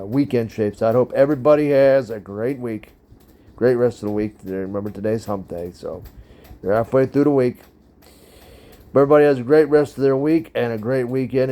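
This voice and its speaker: A man's voice: fairly low pitch, dark tone. A middle-aged man hosting a casual vlog, rambling through a funny personal story, laughing along and talking straight to his viewers. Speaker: vlog host.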